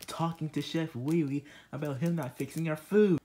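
A shrill, panicky puppet boy, acted by a man, who yells and protests, his voice sitting well above the performer's own. He swears crudely and sounds defensive in a comedy puppet skit. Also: steady tone, moderate pace, a little hiss or hum, close to an everyday voice. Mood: indignant.

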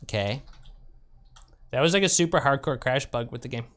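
A man's voice: mid-range voice, expressive, normal speed, fairly bright tone. A man streaming a game live, making sarcastic jokes and swearing a lot when he gets frustrated. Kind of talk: live gameplay commentary.

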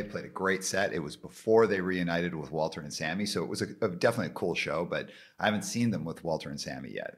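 Deep-voiced man, lively storytelling host. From Canada. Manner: animated storyteller, laughs through anecdotes. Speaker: podcast host. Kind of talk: casual interview chat.

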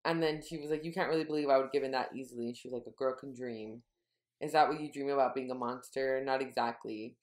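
A woman co-hosting a podcast, casually retelling a book's scenes and quoting its dialogue in a low murmur. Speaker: podcast co-host. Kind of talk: casual book-recap chat.

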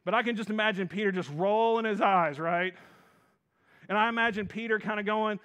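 A male pastor preaches with a high-pitched voice. He tells the story in a playful, animated way. He often turns to the congregation and coaxes them to join in. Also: a little fast. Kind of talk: sermon.

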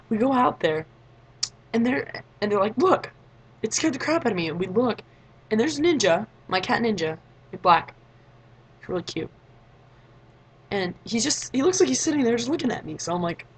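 A woman's voice: mid-range voice, husky, rough recording. A teenage girl telling a story in a casual vlog, chatty, acting out other people's lines. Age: late teens. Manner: chatty, acts out quoted voices, frequent "like". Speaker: vlogger.

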